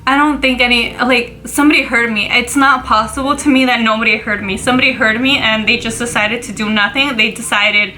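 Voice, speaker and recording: A woman's voice: a little high, steady tone, fairly quick, few pauses, bright, forceful tone, a little hiss or hum, poor audio. A young woman, candidly retelling a painful personal story in a profane, emotional vlog. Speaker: vlogger.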